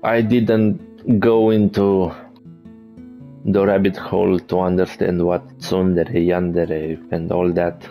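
A man's voice: deep voice, little pitch movement, takes it slowly, muffled recording, faint music behind. A man playing a video game as host, making wry joking asides in casual commentary. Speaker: let's play host.

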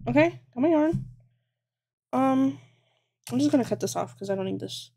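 A woman talks through her crochet project on a live stream. She thinks aloud, swears constantly and teases herself when she gets things wrong. Her voice sits a little high. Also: lively intonation, normal speed, vocal fry, mellow, slightly rough. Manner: thinks aloud, swears a lot, self-mocking. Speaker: livestreamer. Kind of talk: casual live-stream chat while crocheting.

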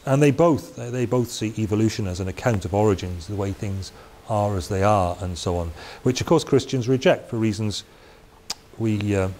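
A man's voice: on the low side, fairly quick, darkish tone. Man giving a chatty Bible talk. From Wales. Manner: conversational, chatty asides and restarts. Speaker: preacher. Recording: faint hiss.

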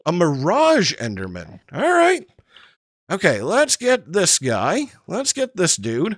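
A man giving excitable, jokey running commentary over his own block-building game, chatting to the creatures he meets. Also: high-pitched, takes it slowly, no room sound. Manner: excitable, talks to the mobs he meets; frequent fillers and restarts, jokey. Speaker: gaming channel host. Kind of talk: Minecraft let's play commentary.

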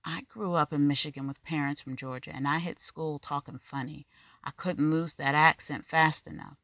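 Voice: mid-range voice, fairly even intonation, moderate pace, a bit bright, dry recording, natural voice. A reader voicing an anxious, rambling Black man. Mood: confessing. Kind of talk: audiobook dialogue reading.

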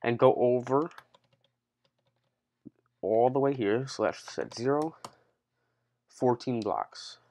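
A man's voice: mid-range voice, expressive, takes it slowly, pauses often, darkish tone. A man hosting a casual game-building tutorial, chatty and unscripted, talking straight to his viewers and counting steps aloud. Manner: chatty, keeps addressing viewers as guys, counts blocks aloud; loose and unscripted, changes plans mid-sentence. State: out of breath after a workout. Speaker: Minecraft tutorial host. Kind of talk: casual gaming tutorial narration.

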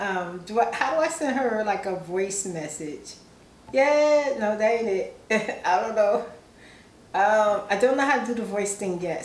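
A woman's voice: medium pitch, reverberant, slight background noise, poor audio. A woman vlogger who chats casually and giggles often while reading fan messages aloud, sounding sleepy. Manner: chatty, giggly, self-teasing. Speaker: ASMR vlogger.

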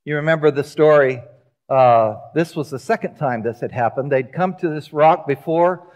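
A man preaching a sermon in a church, telling the story with lively acted-out voices. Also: a little high, moderate pace. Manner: animated storytelling, acting out quoted voices. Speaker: pastor. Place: church sanctuary.

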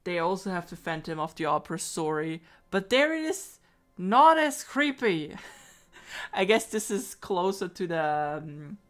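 A woman who is not a native English speaker, giving giggly, joking commentary while playing a story game. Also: lowish voice. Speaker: game streamer.

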